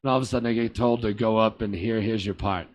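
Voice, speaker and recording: A man's voice: on the low side, fairly even intonation, quick pace, slight background noise. A man from Boston, a comedian guest, telling stories in a casual, rambling way with lots of asides. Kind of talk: casual storytelling chat. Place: small theater.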